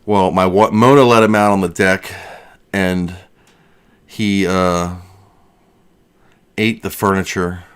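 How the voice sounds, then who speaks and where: A man's voice: low voice, steady tone, slow pace, pauses often, fairly bright tone, clear, resonant tone. Breathless, rambling man hosting a livestream. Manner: rambling, self-deprecating, jokey. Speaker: livestream host. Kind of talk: casual livestream chat.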